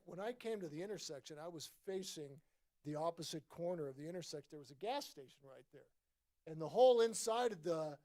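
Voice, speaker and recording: A man in his sixties, a former ballplayer and guest at a book event, telling a story in a casual, animated way and acting out the voices in his quotes. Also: on the high side. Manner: animated anecdote teller, acts out voices in quotes. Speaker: former baseball player, guest.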